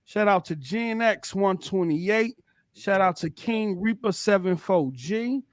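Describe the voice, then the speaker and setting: Male podcast host, high voice, easygoing banter, dry close mic. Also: measured pace, no room sound. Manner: laughing, shouting out chat names. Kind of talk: casual gaming podcast chat.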